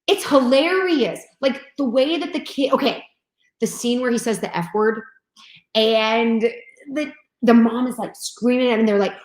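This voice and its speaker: A woman chatting casually about movies, animated and acting out scenes as she tells them. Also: fairly high pitch, moderate pace. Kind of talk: casual chat. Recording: echoey room.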